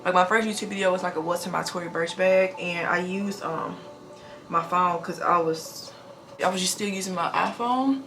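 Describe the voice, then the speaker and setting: Fast-talking woman vlogging at home. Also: on the low side, bright, forceful tone, faint music behind. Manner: talks fast without pauses, breathy between sentences. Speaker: nurse vlogger. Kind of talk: casual get-ready-with-me vlog. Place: home bathroom. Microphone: camera mic.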